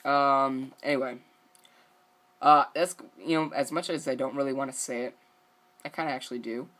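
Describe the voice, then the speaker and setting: A man rambles through a wrestling show recap in a relaxed, unscripted way. He leans on filler words and drops casual swears as he goes. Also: medium pitch. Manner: rambling, loose, full of "you know" and "like".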